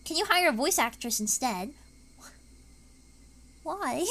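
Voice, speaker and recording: A young woman streamer chatting casually and wordily, her pitch swooping up and down a lot. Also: lively intonation, slow, long pauses, heavy background noise. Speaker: VTuber streamer. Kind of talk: casual live-stream chat.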